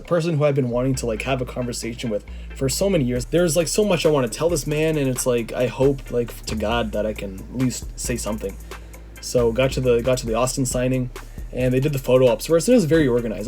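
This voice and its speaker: A slightly hoarse man telling a story in a casual, rambling way, with many "like" fillers. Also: mid-range voice, warm tone. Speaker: vlogger.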